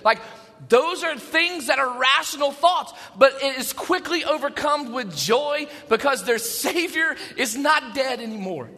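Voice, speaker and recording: A man preaching an Easter sermon in a church, animated, dropping to a hush and then rising to shouts. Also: very high voice, long reverb tail. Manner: animated, shifts between hushed and shouting. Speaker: pastor. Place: church sanctuary.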